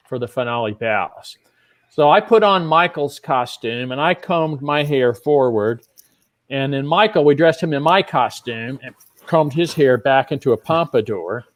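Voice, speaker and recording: Middle-aged man, high-pitched, animated storyteller who slips into other people's voices. Guest-magician energy. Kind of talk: telling a backstage anecdote.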